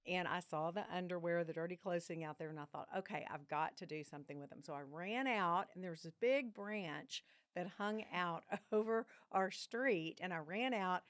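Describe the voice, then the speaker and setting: A woman, a guest on a podcast, telling family stories in an animated way and acting out the voices of the people in them. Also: on the low side, moderate pace, hardly any pauses, dry recording, clean studio sound. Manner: animated storyteller, acts out quoted voices. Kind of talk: casual podcast conversation, storytelling.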